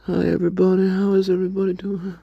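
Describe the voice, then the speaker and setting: A man's voice: high-pitched, completely flat delivery, fast, vocal fry, husky, dry recording, highs cut off. A man co-hosting a late-night livestream, laughing often, repeating himself and greeting viewers by name. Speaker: livestream co-host. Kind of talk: casual livestream chat.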